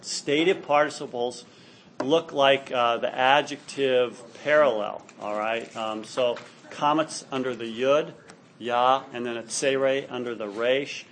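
A man's mid-range voice, fairly even in intonation and a bit bright, moves at a measured pace through a lecture on Hebrew grammar. He's patient and explanatory, frequently pausing for an "all right?" with his class. Slight background noise can be heard.

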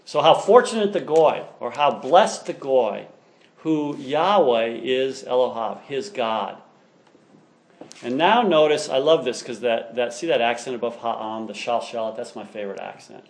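A man's voice: mid-range voice, lively intonation, measured pace. Enthusiastic male teacher lecturing a class. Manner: enthusiastic, explanatory, reads passages aloud.

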